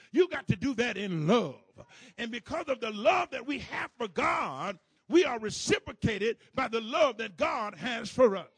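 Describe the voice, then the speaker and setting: A man preaching a sermon to a congregation in a church, calling for responses and repeating phrases as he builds to shouts. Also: extremely high pitch, slightly rough, no echo.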